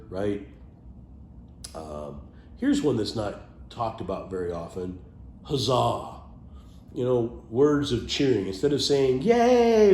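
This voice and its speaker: A man with a lowish voice talks casually and playfully about words he loves, now and then dropping to a muttered aside. The sound is roomy, with a faint hum behind him. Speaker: vlogger sharing favorite words. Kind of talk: casual off-the-cuff monologue.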